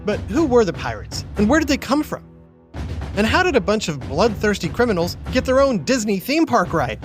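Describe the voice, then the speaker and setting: A man's voice: high-pitched, sing-song, moderate pace. A man hosting and narrating a children's educational podcast in a playful, theatrical way. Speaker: host and narrator. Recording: music playing under the voice.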